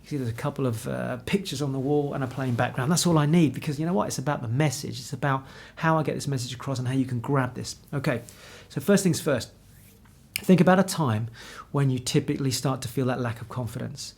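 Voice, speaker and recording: Husky-voiced man coaching on camera. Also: mid-range voice, fast talker. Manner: energetic, encouraging, direct address to viewer. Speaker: confidence coach. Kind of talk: motivational talk to camera. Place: indoor room with pictures on the wall.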